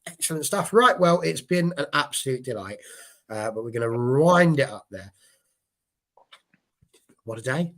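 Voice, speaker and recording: A man hosting a fan show, chatting excitably and rambling with restarts. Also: on the high side, normal speed, long pauses. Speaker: host. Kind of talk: casual chat.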